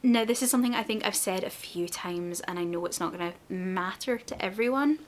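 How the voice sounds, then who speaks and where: A woman's voice: mid-range voice, fairly quick. A woman reviewing books in a casual vlog, candid and exasperated. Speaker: book reviewer.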